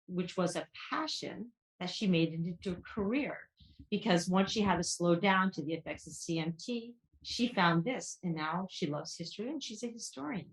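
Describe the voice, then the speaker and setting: A woman from Vermont co-hosting a podcast, playful and quick to laugh. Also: lowish voice. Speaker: podcast co-host. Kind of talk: casual podcast banter and guest introduction. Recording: echoey room.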